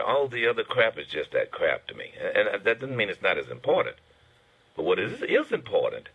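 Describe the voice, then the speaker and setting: A male radio host with a husky, bright voice. He talks with lots of lift and swing in his pitch. His commentary is indignant, and he keeps turning to "folks.". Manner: indignant, addresses listeners as folks. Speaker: radio talk show host. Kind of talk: political commentary.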